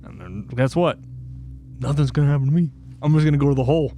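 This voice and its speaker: A man's voice: medium pitch, fast talker, dark tone, soft background music. A man co-hosting a casual true-crime podcast, swearing freely, laughing and acting out quotes. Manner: profane, laughing, acts out quotes. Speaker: podcast co-host.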